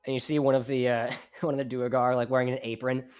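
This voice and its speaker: A man's voice: medium pitch, little pitch movement, quick pace, a little mellow, clear, resonant tone, faint music behind. A man narrating as game master of a tabletop game, rambling casually with many fillers.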